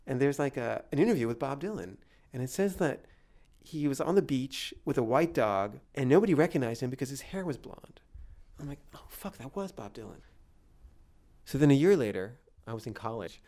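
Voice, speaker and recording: A man's voice: mid-range voice, a little mellow. A man tells a comic anecdote in a casual, confessional way. He stammers and restarts often and sounds nervous. His voice sits in a mid range. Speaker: filmmaker telling an anecdote. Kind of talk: comic first-person storytelling.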